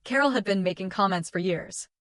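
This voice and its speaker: A young woman tells a first-person story in short, measured, dramatic phrases. Her voice sits at a middle pitch. The recording is dry and close, with no room sound. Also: a bit bright, dry recording. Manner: measured, clipped dramatic delivery. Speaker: narrator.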